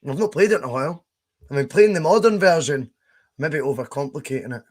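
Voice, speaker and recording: A man's voice: fairly high pitch, animated, fast talker, a little mellow. A young Scottish man hosting a casual live stream, chatting, laughing and reading out viewer comments as he plays. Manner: chatty, laughs often, reads chat aloud. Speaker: podcast host streaming a game.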